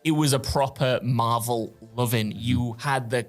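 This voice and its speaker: A British man hosting a casual gaming podcast, talking with animated, nostalgic enthusiasm. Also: mid-range voice, measured pace, faint music behind. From Britain. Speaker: podcast host.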